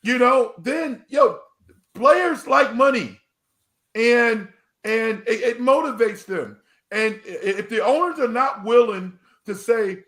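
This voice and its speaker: Male sports panelist, high voice, echoey room, emphatic. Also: lively intonation, slow, a bit bright. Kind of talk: casual sports talk.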